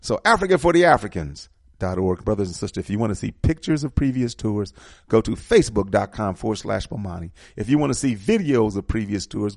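A man's voice: on the low side, a little mellow, no room sound, clean studio sound. A middle-aged man hosting a community show, reading program listings and sponsor announcements in an emphatic, repetitive manner. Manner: preacherly, emphatic, repeats key details. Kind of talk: radio-style community announcements.

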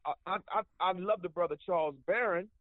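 A male radio caller heard through a narrow, tinny phone line, his voice pitched high for a man. He keeps the conversation going with frequent short agreements. The sound is dry. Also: fairly quick, no echo. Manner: agreeable, chiming in with frequent affirmations. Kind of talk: call-in radio discussion.

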